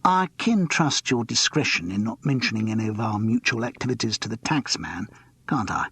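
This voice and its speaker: Brisk, chirpy agent type, businesslike; male reader pitching up, husky tone. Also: lively intonation, fairly bright tone, no echo, full character voice. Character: brisk, wary man, a theatrical agent.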